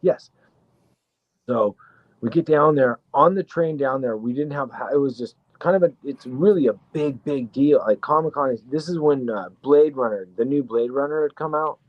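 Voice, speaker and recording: A man's voice: medium pitch, moderate pace, no room sound, dull audio. Rambling, profane storytelling man. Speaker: guest actor. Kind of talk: casual storytelling.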